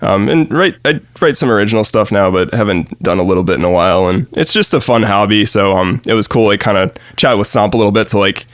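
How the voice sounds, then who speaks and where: Young new guy on a podcast, lowish voice, dry close mic, lots of ums. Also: quick pace, few pauses, no echo. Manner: relaxed, rambling with many fillers and frequent laughs. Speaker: podcast guest. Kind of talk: casual chat.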